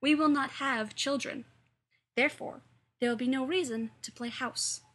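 A woman puts on a solemn little boy who clips every word crisply and precisely. He sounds quiet and slow, with a slightly breathy edge. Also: high-pitched, steady tone. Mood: prim.

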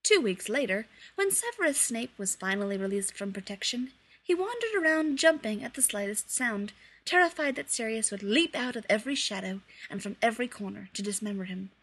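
A woman reads fan fiction aloud, carrying the narration with lively expression. Her voice is husky and breathy at the edges. It sits a little higher than usual. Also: fairly quick. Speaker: reader.

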